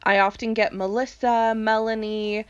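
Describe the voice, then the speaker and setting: A woman's voice: fairly high pitch, level tone, normal speed, clear, resonant tone. A woman co-hosting a podcast in casual chat, laughing often and swearing casually. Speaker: podcast co-host. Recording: dull lo-fi sound.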